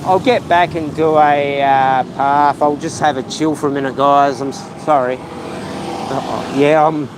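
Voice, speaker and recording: Young Australian guy, higher voice, emotional outdoor live-stream rant, faint street noise. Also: fairly even intonation, slow. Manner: agitated, heated, repetitive ranting. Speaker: vlogger. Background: faint traffic.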